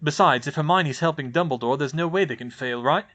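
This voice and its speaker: A man voicing a steady, caring teenage boy wizard who speaks gently and reassuringly, near his own voice, in a fan audiobook reading. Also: fairly high pitch, a little fast. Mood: curious.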